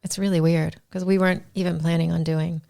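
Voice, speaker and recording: Woman, church podcast guest, low raspy voice, candid and wry, conversational. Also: little pitch movement, fairly quick, dark tone, dry recording, clean studio sound. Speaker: guest, women's group teacher. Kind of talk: casual chat.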